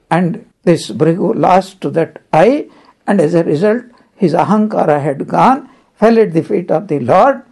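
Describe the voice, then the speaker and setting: In an unhurried scripture discourse, a spiritual teacher tells stories and works through Sanskrit terms one by one. The voice sits in the mid-range and has a dark tone.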